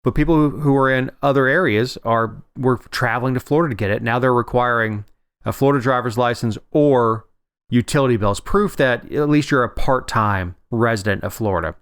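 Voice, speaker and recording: A man's voice: mid-range voice, fairly quick, a bit bright, smooth, no echo, clean studio sound. A man co-hosting a casual political podcast, rambling and wry, often restarting his sentences. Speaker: podcast co-host.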